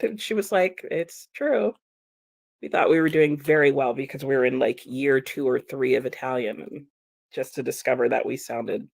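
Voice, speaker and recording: Brief: low-voiced young woman, chatty livestream host who laughs easily and reads comments out. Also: darkish tone. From United States. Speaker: streamer and book vlogger. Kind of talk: casual livestream chat.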